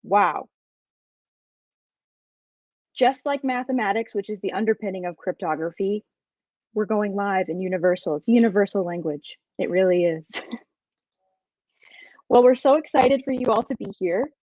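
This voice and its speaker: A woman guest-hosting a live podcast, bubbly and excitable, greeting viewers with lots of exclamations. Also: medium pitch, normal speed, long pauses, no room sound. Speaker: guest host. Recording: dry, slightly dull sound.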